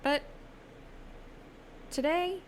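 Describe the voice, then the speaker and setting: A woman's voice: sits high, extremely slow. A young adult woman co-hosting a podcast, chatting casually and laughing often. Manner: chatty, laughs often, slips into mock voices. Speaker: podcast co-host. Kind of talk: casual chat.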